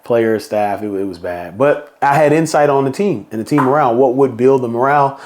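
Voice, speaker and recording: A middle-aged man hosts a podcast, telling a story in a casual monologue and acting out quotes with bursts of higher pitch. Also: fairly quick, a little mellow. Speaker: podcast host.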